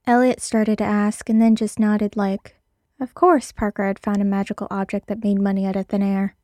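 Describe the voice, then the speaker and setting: Give me a woman narrating a story in a steady, mellow voice. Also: medium pitch, normal speed, no room sound, studio quality. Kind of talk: reading fan fiction aloud.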